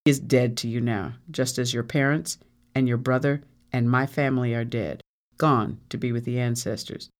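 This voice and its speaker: A storybook narrator voicing a stern older captive woman who speaks in a cold, firm, measured way, over guitar music. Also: mid-range voice, fairly even intonation, natural voice.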